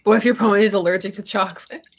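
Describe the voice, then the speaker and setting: Chatty husky woman hosting a live stream. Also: medium pitch, steady tone, very fast. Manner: chatty, rambling, laughs often. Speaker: fandom channel host. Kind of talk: casual live-stream chat.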